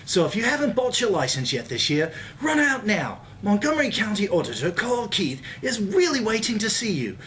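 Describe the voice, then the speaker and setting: A man's voice: high-pitched, big pitch swings, moderate pace, few pauses, a bit bright. A man doing a put-on Australian accent as a cheery, over-the-top announcer in a comedic TV commercial. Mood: cheery hype. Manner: chirpy, hammy salesman patter.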